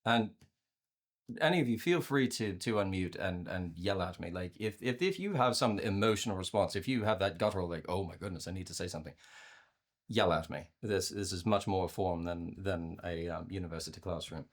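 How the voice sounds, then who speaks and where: A man presenting a workshop on communication to a virtual audience, conversational and animated, often repeating words as he restarts his sentences. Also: normal speed. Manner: acts out inner voices with playful pitch jumps. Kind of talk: live talk to a virtual audience.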